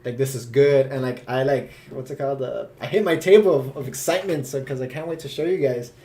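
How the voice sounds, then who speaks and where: A man talking over a video call as the host of a casual live cast Q&A. His voice sits at an ordinary middle pitch. He rambles with excitement, stacks up fillers and breaks into laughs. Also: quick pace.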